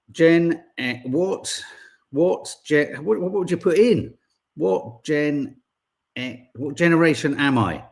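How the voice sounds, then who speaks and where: A man's voice: fairly high pitch, a little mellow. A man in his forties co-hosting a casual podcast, rambling with wry asides and reading out listener messages. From England. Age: 40s. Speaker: podcast co-host. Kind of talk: casual chat.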